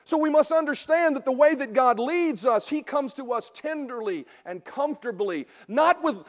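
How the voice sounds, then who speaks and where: A man teaching a sermon in a conversational way, often checking in with a quick "right?". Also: very high voice, lively intonation. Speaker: preacher teaching a Bible series. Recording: long hall reverb.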